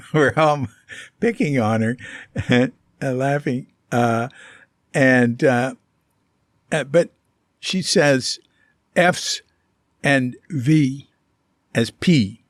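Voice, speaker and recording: A man vlogging about his life abroad, telling a casual story in a rambling, halting way full of fillers and restarts. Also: medium pitch, no echo, studio quality.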